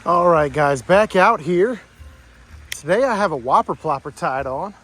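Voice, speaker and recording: A southeastern Virginia man with a rather high voice talks a little slowly while vlogging his pond fishing outdoors. Casual and excitable, he exclaims over and over, and faint music can be heard in the background.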